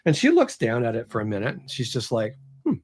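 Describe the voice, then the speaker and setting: A man, an author who is a guest on an interview show, retelling a story in a casual, animated way and acting out the characters. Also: medium pitch, fast.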